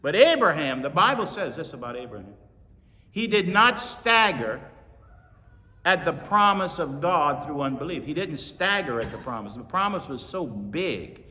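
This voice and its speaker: A man preaches, his voice pitched a little high and sounding bright and forceful. He speaks in a folksy, storytelling way and repeats phrases for emphasis. A long reverb hangs in the church sanctuary around him. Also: big pitch swings, moderate pace. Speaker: pastor. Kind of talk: sermon. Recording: reverberant hall.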